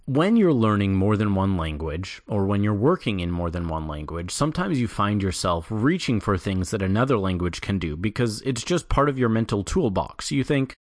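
A man hosting a solo podcast, talking in a measured, explanatory way with a light self-deprecating touch. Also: fairly low pitch, no echo, studio quality. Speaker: podcast host. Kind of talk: solo scripted podcast monologue.

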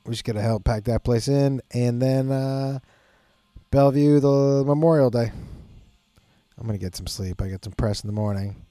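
A man's voice: medium pitch, normal speed, dark tone, no room sound, studio quality. A man hosting his podcast, rambling in a casual, profane, self-mocking way and often breaking into laughter. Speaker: podcast host.

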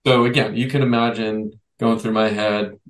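A man's voice: on the low side, flat delivery, normal speed, slight background noise, poor audio. A man hosting a youth basketball podcast, talking conversationally and thinking aloud with restarts. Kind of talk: podcast interview.

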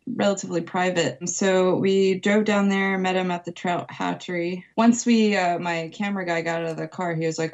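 A woman telling a story as a podcast guest from her home, lively, laughing often and acting out voices. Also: on the low side, moderate pace, few pauses, muffled recording. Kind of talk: casual storytelling interview.

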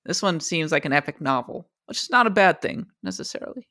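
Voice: medium pitch, animated, brisk, vocal fry, sharp tone. A podcast guest with a mid-range voice chats casually. They are wry and laid-back, trading dry jokes with the host.

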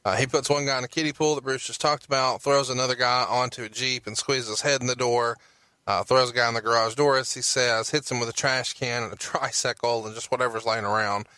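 A man's voice: mid-range voice, fairly even intonation, fairly quick, bright, forceful tone, no room sound. A man hosting a podcast, walking through a recap of events with occasional profane outbursts. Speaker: podcast host.

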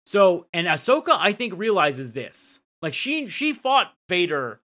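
A man's voice: sits high, sing-song, unhurried, pushed and bright. A man co-hosting a podcast, casually recapping scenes and dropping the odd swear. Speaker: podcast co-host.

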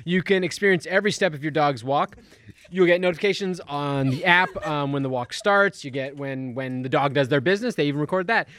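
A man's voice: on the high side, a little fast, fairly bright tone. A man hosting a podcast, teasing his co-hosts and reading an ad in an upbeat way. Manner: upbeat, teasing, runs the segments. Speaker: podcast host. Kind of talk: casual chat and ad read.

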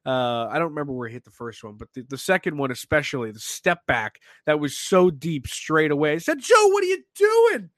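A man hosting a sports podcast, talking in an animated, excitable way with lots of restarts. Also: mid-range voice, a little fast, few pauses, dry recording. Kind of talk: casual sports talk.

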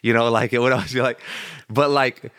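Quick, bright-voiced man chatting as guest. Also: medium pitch, fairly even intonation, smooth, dry recording, clean studio sound. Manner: quick, laid-back, filler-heavy. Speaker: podcast guest. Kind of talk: casual podcast chat.

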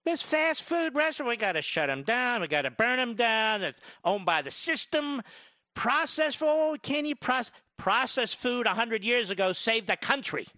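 A man's voice: extremely high pitch, big pitch swings, moderate pace, sharp tone, no room sound, studio quality. A man giving a sarcastic grocery-aisle rant, rattling off long lists of items. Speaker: commentator. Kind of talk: ranting grocery-store monologue.

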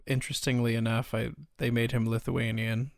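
A man's voice: mid-range voice, little pitch movement, fairly quick, vocal fry, no room sound, clean studio sound. A man in casual chat, swearing freely and laughing at his own jokes.

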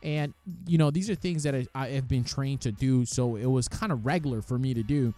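Telling the tale of an amateur boxing bout he fought, a man speaks a little fast at medium pitch. He is animated and casual, swears freely, and performs the quoted voices.

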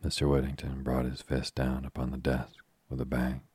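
A man narrates a classic novel as a sleep story in a slow, soothing, steady way. His voice is extremely deep and breathy-husky, with almost no melody. The recording is close and completely dry. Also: dry recording. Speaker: audiobook reader.

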